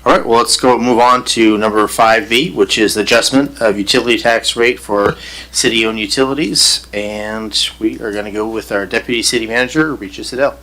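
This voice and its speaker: Bright-voiced man chairing a council meeting. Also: on the low side, fairly even intonation, poor audio. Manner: brisk, procedural. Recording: government meeting broadcast.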